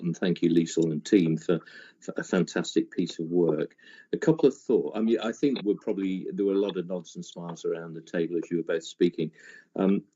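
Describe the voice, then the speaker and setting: A man chairing a committee meeting, thanking speakers and calmly asking the room for agreement. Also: deep voice, breathy edge, lo-fi sound. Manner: measured, inclusive, asks the room for agreement.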